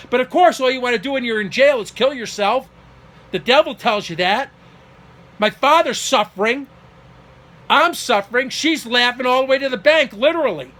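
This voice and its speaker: A middle-aged man telling a personal story in an emotional monologue, getting agitated and acting out the people he quotes, at times close to shouting. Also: very high-pitched, moderate pace. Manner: agitated, acts out quoted dialogue, rising to near shouting.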